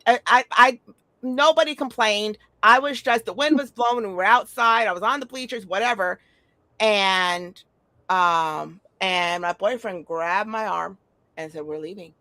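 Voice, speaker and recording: A woman's voice: mid-range voice, a little slow, pushed and bright, dry recording. A middle-aged woman talking in a casual chat, telling stories bluntly and animatedly, with frequent swearing.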